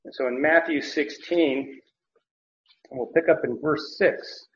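A man teaching a sermon through Bible passages in a measured, hesitant way, pausing often on fillers. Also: fairly high pitch, dull audio.

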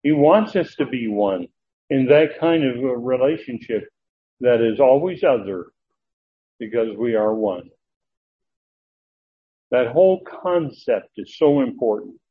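A man preaching a verse-by-verse sermon in an earnest, emphatic way, often restarting and pausing on filler sounds. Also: medium pitch, animated, a little hiss or hum. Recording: narrow, tinny phone-like sound.

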